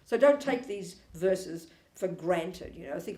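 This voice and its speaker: A woman's voice: fairly low pitch, takes it slowly. Emphatic woman dharma teacher, provocative and wry, roomy hall sound. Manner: animated, emphatic, provocative and ironic. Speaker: Buddhist teacher. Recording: echoey room.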